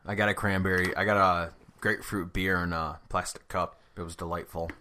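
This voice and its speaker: A man's voice: low-pitched, steady tone, fairly quick, pushed and bright, slight background noise. A man in casual chat who drops short, dry, wry remarks.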